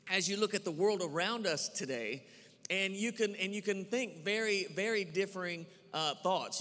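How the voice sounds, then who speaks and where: Earnest pastor in a reverberant church. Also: male voice, sits high, a bit bright. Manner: earnest, repetitive, with frequent "uh" fillers and restarts. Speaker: campus pastor. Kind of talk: sermon and prayer. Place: church sanctuary. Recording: long church hall reverb.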